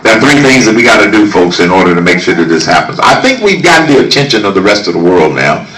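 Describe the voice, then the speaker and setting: A political candidate speaking at an outdoor campaign rally, emphatic and rousing, shouting his key lines. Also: on the low side, big pitch swings, fast talker. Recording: echoey, distant mic, crowd noise. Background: crowd ambience.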